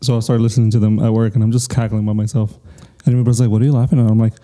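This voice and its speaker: A man's voice: on the low side, little pitch movement, rapid-fire, warm tone. A man in his late twenties co-hosting a podcast, joking around in a laid-back way. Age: 20s. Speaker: podcast co-host. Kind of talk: casual banter.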